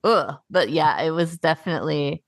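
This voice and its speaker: A woman's voice: on the low side, moderate pace, no room sound, clean studio sound. A young adult woman co-hosting a podcast in a casual chat, rambling, laughing often and swearing in passing. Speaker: podcast co-host.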